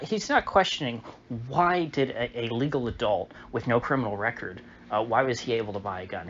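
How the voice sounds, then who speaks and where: A man's voice: medium pitch, fairly bright tone. Sarcastic guy ranting solo commentary, mocks people, kinda muffled mic with a little hiss. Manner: sarcastic, mocking voices of opponents, chuckling asides. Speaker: political commentator. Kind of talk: solo political commentary monologue.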